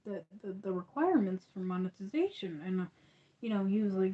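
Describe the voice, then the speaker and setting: A woman's voice: mid-range voice, expressive, fairly quick, lo-fi sound. A woman hosting a crochet channel, chatting casually on a livestream, rambling and restarting with lots of fillers.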